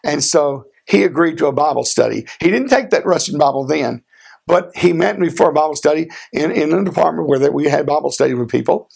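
A man preaching a sermon, earnest, asking rhetorical questions and slowing down for emphasis. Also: a little high, lively intonation, creaky, darkish tone, breathy edge. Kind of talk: sermon with a personal story.

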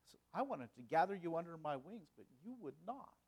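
A man preaching a sermon, asking rhetorical questions and moving between loud emphasis and quiet, hushed lines. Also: a little high, big pitch swings, brisk, slightly rough.

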